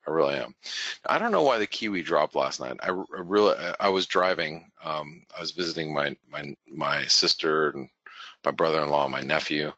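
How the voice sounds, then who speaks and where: Very deep-voiced man, rambling market talk. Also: animated, normal speed, pushed and bright, no room sound, highs cut off. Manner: rambling, self-correcting, with frequent restarts. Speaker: forex market analyst, webinar host. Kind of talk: casual live market commentary.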